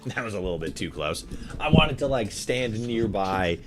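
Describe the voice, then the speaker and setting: A male game streamer talking casually to his chat. His voice sits a little low, and he rambles loosely with repeated words and the odd curse. The manner stays relaxed throughout. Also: moderate pace, music in the background. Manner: relaxed, swears, repeats himself. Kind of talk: casual chat with viewers while gaming.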